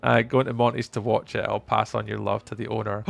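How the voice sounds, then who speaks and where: Give me a playful young streamer with a gravelly edge and faint music behind. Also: male voice, lowish voice, little pitch movement, fairly quick, few pauses, no echo. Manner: chatty, playful, often trails off softly. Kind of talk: casual live-stream chat reading.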